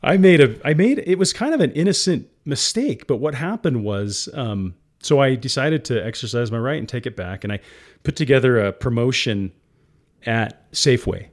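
Guy telling his startup story, earnest and emotional, chatty, mid-pitched. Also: lively intonation, moderate pace. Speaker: company founder and CEO, guest. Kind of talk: candid interview storytelling.

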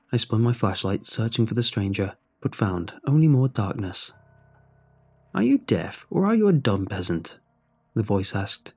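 Low husky guy reading a spooky story, slow and brooding, faint music behind. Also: a little mellow. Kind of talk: scripted first-person narration.

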